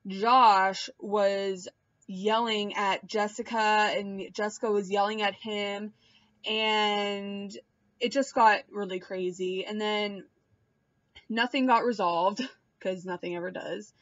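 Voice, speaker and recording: A young woman recapping reality-show drama in a casual, animated way, mimicking people in high voices and swearing offhand; she is pregnant and queasy. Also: slow pace, dry recording. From Puerto Rican and Cuban heritage. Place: hot room at home. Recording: dull, dry home recording.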